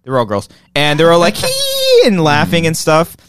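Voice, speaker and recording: A man co-hosting a podcast, telling profane, animated stories in casual chat. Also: fairly high pitch, fairly quick, clean tone. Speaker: podcast co-host.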